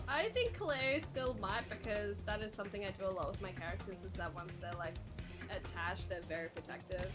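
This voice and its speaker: A woman chatting casually as a co-player, relaxed, swearing freely and trailing off with fillers. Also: mid-range voice, brisk. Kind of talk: casual chat while playing a game. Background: game music.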